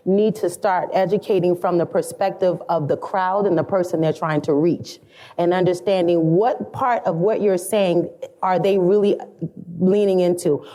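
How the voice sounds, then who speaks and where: A mellow, somewhat low voice belongs to a middle-aged salon educator appearing as a podcast guest. She tells her story earnestly and thoughtfully, reinforcing points with repeated phrases.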